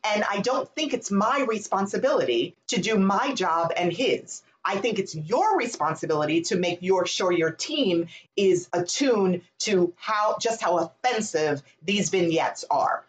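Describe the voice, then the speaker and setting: A woman telling a personal story in casual conversation, candid and animated, and swearing freely. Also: mid-range voice, unhurried, hardly any pauses. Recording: roomy echo.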